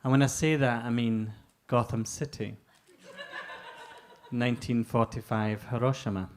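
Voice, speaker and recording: A Scottish man doing stand-up, taking his time over crude setups. His voice sits at an ordinary pitch and moves slowly, holding a deadpan line until the punchline lands. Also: a little hiss or hum. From Scotland. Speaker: stand-up comic. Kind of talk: stand-up routine.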